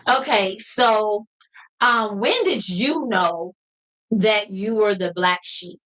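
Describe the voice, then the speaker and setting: A woman's voice: medium pitch, lively intonation, takes it slowly, fairly bright tone, low-quality recording. A woman hosting a podcast, chatting casually and asking questions, with many supportive "mm-hmm"s. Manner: supportive, many affirming "mm-hmm"s, laughs easily. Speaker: podcast host. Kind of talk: casual interview chat.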